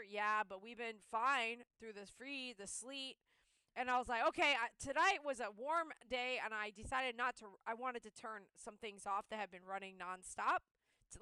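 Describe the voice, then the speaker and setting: A woman's voice: fairly high pitch, sharp tone, clear, resonant tone, no room sound. A woman who runs a pet-grooming channel, talking in a casual, heartfelt monologue and telling stories by replaying her own inner voice.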